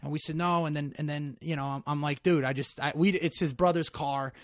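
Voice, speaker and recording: A middle-aged man telling a story in casual chat, animated and profane, getting loud when worked up. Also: a little high, fairly quick, no room sound, clean studio sound.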